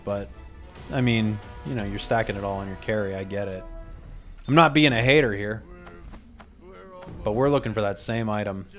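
A young man giving casual, chatty commentary over a game he is playing, often trailing off and muttering to himself as he moves pieces around. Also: lowish voice.

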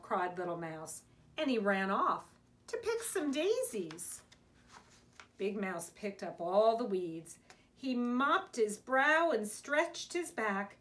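A woman's voice: fairly high pitch, very animated, takes it slowly, fairly bright tone. A woman, a preschool teacher, reading a picture book aloud to young children in a sing-song storytime manner.

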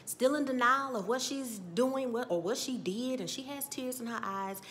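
A woman giving a casual, animated TV episode recap, chatty and sassy as she acts out scenes. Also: fairly high pitch, normal speed, slight background noise. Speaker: TV recap vlogger.

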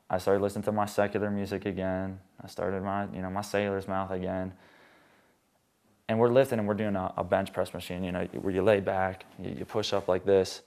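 A man's voice: low-pitched, vocal fry, a little mellow. A young man telling his conversion testimony as a guest, rambling, with many restarts.

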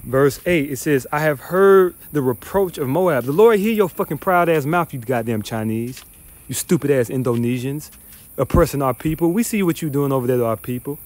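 A man's voice: fairly high pitch, lively intonation, normal speed, a little mellow. Heated, profane man teaching scripture. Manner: profane, scornful, emphatic, reads verses then rants.

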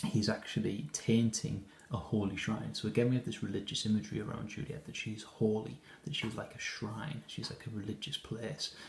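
A man gives a lesson commentary on a play scene. His voice is low and gravelly and stays fairly flat. He pauses and restarts often, in an echoey room. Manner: explanatory, hesitant with frequent ums and restarts. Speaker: English teacher.

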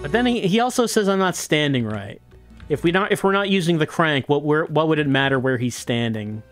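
A man's voice: fairly high pitch, expressive, a little fast, soft background music. A man streaming a video game, thinking aloud and musing hesitantly as he plays. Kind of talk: casual let's-play commentary.

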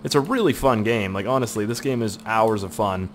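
A man's voice: fairly low pitch, a little fast, slight background noise. A young man from Canada talking casually over a game, rambling and crude, swearing often, with an irritated throat. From Canada, Nova Scotia. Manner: puts on silly voices for quoted people. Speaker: gaming video host. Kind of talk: casual gameplay commentary.

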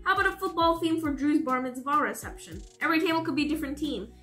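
A woman's voice: high-pitched, expressive, quick pace, fairly bright tone, faint music behind, voice pushed up. A woman playing a stern, fed-up dad. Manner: stern, warning. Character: exasperated strict middle-aged dad.

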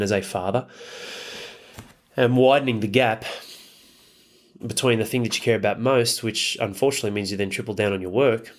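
Blunt, swearing man. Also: medium pitch. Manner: blunt and profane, rhetorical questions. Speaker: podcast host. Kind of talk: motivational monologue.

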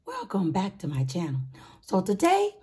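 A woman hosting a casual budgeting vlog, with a raspy voice and an upbeat, chatty manner, calling her viewers sweeties and honey. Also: medium pitch, moderate pace, faint music behind. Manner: upbeat, excited. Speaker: budgeting channel host.

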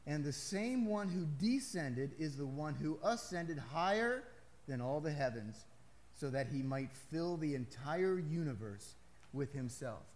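A man's voice: a little high, lively intonation, unhurried, darkish tone. A male pastor preaching a sermon to his congregation in a conversational way, with emphatic rises and casual asides.

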